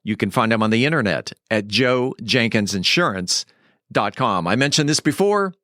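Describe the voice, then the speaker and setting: A man's voice: mid-range voice, expressive, moderate pace, sharp tone, dry recording, studio quality. A man co-hosting a local news podcast, reading sponsor copy in a friendly, upbeat announcer manner and then interviewing a guest. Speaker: podcast co-host.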